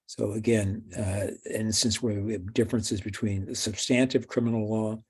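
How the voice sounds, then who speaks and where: A man giving a recorded law lecture, halting often with fillers and restarts. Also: fairly low pitch, steady tone, darkish tone, husky.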